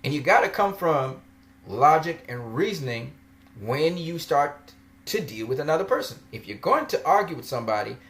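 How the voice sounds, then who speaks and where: A man's voice: fairly high pitch, very animated, moderate pace, a bit bright. A man vlogging a ranting commentary, argumentative and mocking, laughing often as he makes his case.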